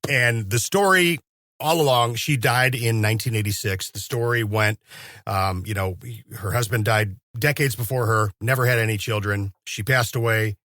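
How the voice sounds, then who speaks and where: A man's voice: on the low side, moderate pace, fairly bright tone, no room sound, studio quality. A man hosting a podcast, chatting with eager interest and chuckling along with his guest. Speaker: podcast host. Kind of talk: casual interview chat.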